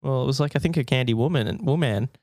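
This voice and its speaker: A man's voice: mid-range voice, fast, a little mellow, dry recording, clean studio sound. An Australian man co-hosting a casual podcast, reacting expressively and swearing often. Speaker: podcast co-host.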